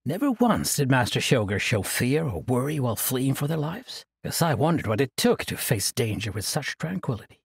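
A man narrating a fantasy audiobook in an expressive storytelling manner. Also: mid-range voice, moderate pace, gravelly, hardly any pauses, slightly rough, no room sound, clean studio sound.

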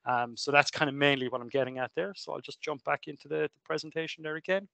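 A man's voice: on the high side, steady tone, fast, gravelly, sharp tone, no echo. A man with an Irish accent giving a recorded engineering lecture over a webcam, chatty and full of fillers and self-corrections. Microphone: webcam mic.

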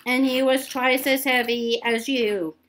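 A woman's voice: high voice, steady tone, a bit bright, rough recording. A woman voicing a boastful, sneering teenage boy bully as she reads a story aloud, stumbling over words. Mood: taunting. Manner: halting, repeats words.

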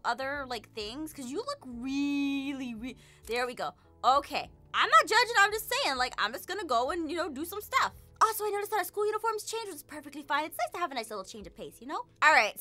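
A woman's voice: high-pitched, bright, forceful tone. A young woman hosting a let's play video, chatting in a bubbly, gushing way with squeals and giggles. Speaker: gaming video host.

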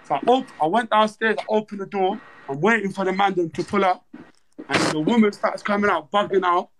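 A man hosting a livestream, retelling events in fast, slangy, repetitive chat. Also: high voice, background noise. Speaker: livestream host. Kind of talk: animated storytelling on a livestream.

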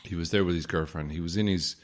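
Low-voiced man telling wry anecdotes. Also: steady tone, fast talker. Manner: wry, sarcastic anecdotes with mock-formal asides. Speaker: podcast host. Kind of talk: casual storytelling monologue.

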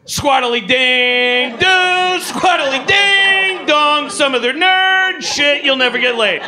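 A man doing an impression of an old-style male lounge crooner, scat-singing loud and drawn out in a live comedy club. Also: extremely high pitch, lively intonation, slow, pitched above the performer's own voice, heavily acted. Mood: crooning. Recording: live club with crowd noise.

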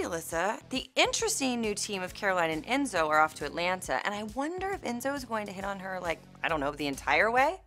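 A woman's voice: on the high side, lively intonation, fairly quick, sharp tone, soft background music. A young adult woman hosting a recap show in a bubbly, playful way, reading out fan tweets. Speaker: host.

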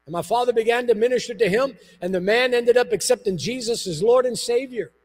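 A man, a pastor, preaching a sermon in a church, telling stories with lively emphasis and repeated phrases. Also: extremely high pitch, brisk. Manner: animated storytelling with emphatic repetition.

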